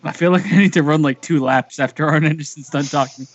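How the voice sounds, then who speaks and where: A man riffs crudely as a podcast co-host, trading jokes and laughing at his own lines. His voice sits slightly high, and the audio is muffled and lo-fi. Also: quick pace. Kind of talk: casual wrestling rewatch chat.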